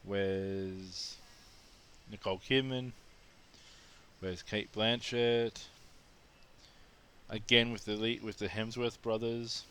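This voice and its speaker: A man's voice: fairly low pitch, fairly even intonation, slow pace, pauses often, a bit bright, clean tone. A man with an Australian accent telling a blunt, exasperated vlog rant full of restarts. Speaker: vlogger. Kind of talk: casual storytelling rant.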